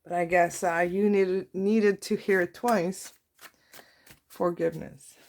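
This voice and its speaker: A woman reads tarot cards for her viewers in an unhurried, gentle way. Her voice sits a little low with a gravelly edge. Card shuffling can be heard in the background. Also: fairly even intonation, a little hiss or hum. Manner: soft, warm-hearted, reads card messages aloud. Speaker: tarot reader. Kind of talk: slow, intimate tarot reading.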